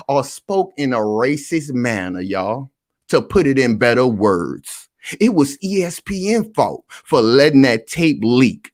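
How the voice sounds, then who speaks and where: A man's voice: mid-range voice, very animated, takes it slowly, no room sound, clean studio sound. A man hosting a live reaction commentary stream, talking animatedly and addressing his audience directly over and over. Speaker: online commentary host.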